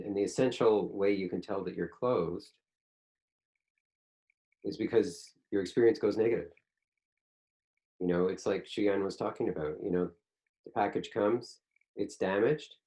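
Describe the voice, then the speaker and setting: Male meditation teacher, lowish voice, loose and rambling, peppers talk with fillers and quick acted-out quotes. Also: mellow. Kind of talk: casual spiritual teaching talk. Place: online group class.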